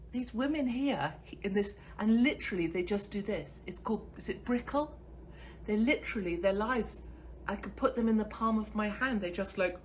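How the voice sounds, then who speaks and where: A woman's voice: mid-range voice, expressive, normal speed, a little hiss or hum. A woman in her forties hosting her own online show, talking in a crude, sardonic and mocking way and swearing freely. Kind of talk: casual ranting monologue to camera.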